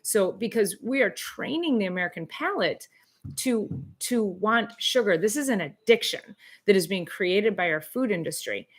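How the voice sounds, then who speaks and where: A woman's voice: medium pitch, moderate pace. A middle-aged woman chiropractor hosting a casual live Q and A, chatty and rambling with fillers and restarts. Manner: animated, exclaims in disbelief. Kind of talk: casual live-stream chat.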